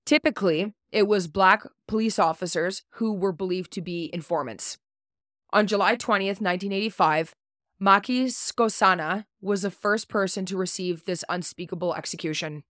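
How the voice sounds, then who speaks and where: A woman's voice: medium pitch, moderate pace, a bit bright, no room sound, clean studio sound. Blunt, cussing woman podcast host. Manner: blunt, swears casually, unsure on names. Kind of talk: reading a prepared true-story segment.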